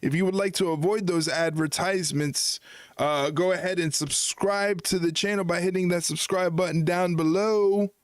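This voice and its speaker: A man's voice: high voice, fairly even intonation, normal speed, no room sound. A man hosting a casual wrestling watchalong livestream, joking and rambling as he corrects himself. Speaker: podcast host.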